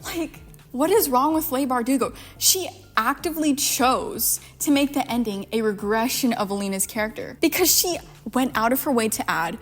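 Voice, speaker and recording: A woman's voice: fairly high pitch, normal speed, soft background music. Fed-up young woman ranting. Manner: exasperated, sarcastic, profane. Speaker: book commentary vlogger. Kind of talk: ranting book commentary.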